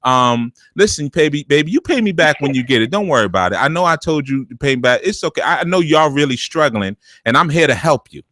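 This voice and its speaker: Guy doing a sugary scheming mama voice, coaxing, kinda high. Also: expressive, fast, hardly any pauses, pushed and bright, no echo. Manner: coaxing, calls everyone baby. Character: sweet-talking, scheming older mother.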